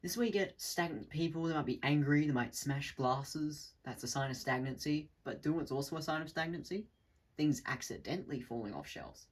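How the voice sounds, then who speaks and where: A man's voice: fairly high pitch, animated, fairly quick, low-quality recording. A man talking off the cuff in a casual monologue, rambling with restarts and swearing, now and then acting out other people's voices. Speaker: channel host.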